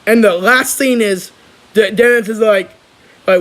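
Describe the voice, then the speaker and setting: A young man chatting casually on his channel, rambling and excitable, with lots of restarts. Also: high voice, measured pace, low-quality recording. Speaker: vlogger. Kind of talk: casual chat.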